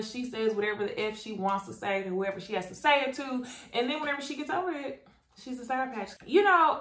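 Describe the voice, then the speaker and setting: A woman's voice: on the high side, reverberant. A woman giving a casual, chatty recap of a reality TV episode, talking straight to her viewers. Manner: chatty, animated, addresses viewers as y'all. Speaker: YouTube reality TV reviewer. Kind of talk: casual recap commentary to camera.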